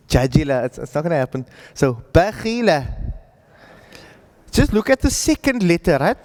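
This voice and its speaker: Teacher, male, patient, keeps checking the class follows; high-pitched, room echo. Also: sing-song, brisk, darkish tone. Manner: patient, checks in with students often. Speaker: Arabic reading teacher. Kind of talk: classroom lesson.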